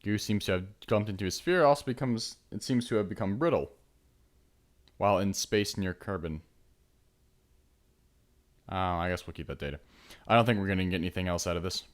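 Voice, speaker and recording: A young man casually commenting on his own gameplay, chatty, trailing into mumbles and then breaking into excited shouts. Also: sits low, brisk, pauses often. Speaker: let's play host. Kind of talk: game commentary.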